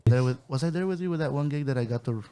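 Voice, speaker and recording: A man, a guest musician on a podcast, making quiet joking remarks in casual chat. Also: mid-range voice, very fast, clean tone.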